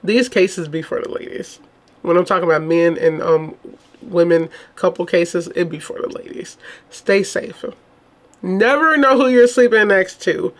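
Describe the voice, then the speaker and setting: Her voice sits on the low side and moves a little slowly as this true crime host reads out a case report. Afterward she reacts in casual, indignant chatter full of rhetorical questions, addressing viewers as "y'all."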